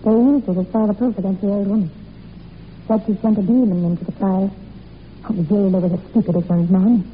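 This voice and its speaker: A young woman acting in a 1940s radio drama, telling a dark family legend in an intense, breathless way. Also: medium pitch, steady tone, brisk, natural voice. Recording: tinny old radio recording with faint hiss.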